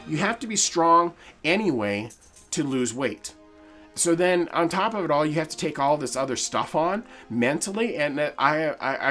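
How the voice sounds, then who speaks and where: A man's voice: on the high side, a bit bright. A man in his forties hosting a podcast, talking earnestly and emphatically in a personal monologue, with frequent restarts. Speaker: podcast host.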